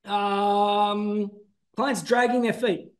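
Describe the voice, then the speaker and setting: Brief: male trainer, high voice, emphatic masterclass delivery. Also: very slow. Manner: energetic, emphatic, calls out names to the audience. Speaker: business trainer. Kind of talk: masterclass presentation.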